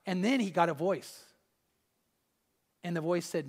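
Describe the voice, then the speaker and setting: A man preaching a sermon, telling a story and swinging between loud and hushed delivery. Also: high-pitched, measured pace, long pauses, big-room sound. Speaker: pastor. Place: church hall.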